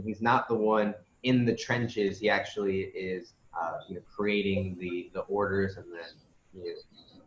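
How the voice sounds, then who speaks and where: A man hosting a live stream, upbeat and talking to the audience as "guys". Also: lowish voice. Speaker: host. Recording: echoey, dull and noisy.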